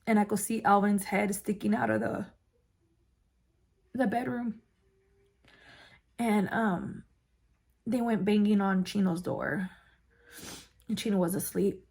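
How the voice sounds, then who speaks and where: A woman's voice: medium pitch, fairly even intonation, takes it slowly, vocal fry, pauses often, darkish tone, slightly rough. A woman vlogger candidly recounting her own life story, with frequent fillers and blunt swearing. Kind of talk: personal storytelling.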